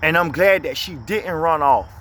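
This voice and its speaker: A man preaches into his phone from inside a vehicle. He speaks in a with a high-pitched voice. He fires off blunt, scolding rhetorical questions. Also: expressive, moderate pace, a bit bright. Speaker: inspirational speaker. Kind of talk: motivational preaching monologue.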